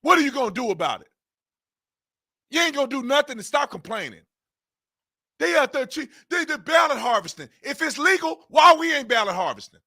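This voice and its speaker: A man with a notably high, bright voice rants on his own commentary channel. He hammers the same rhetorical questions again and again in loose, informal speech, his pitch rising and falling in lively swings as his exasperation shows. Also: fairly quick, gravelly. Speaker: political commentary channel host. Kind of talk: ranting political commentary.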